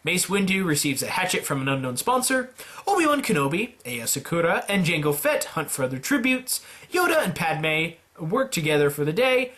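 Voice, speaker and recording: A man doing casual, playful play-by-play commentary on a simulated game, with jokey asides and sudden jumps in pitch. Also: very animated, fairly quick, a bit bright. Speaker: YouTuber narrating a simulator game.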